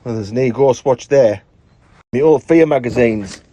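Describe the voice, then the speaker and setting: A man's voice: medium pitch, moderate pace, mellow, no echo, muffled recording. A British man rummaging through old tapes and magazines on a livestream, muttering and exclaiming to himself. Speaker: co-host showing his collection. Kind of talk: casual livestream chat.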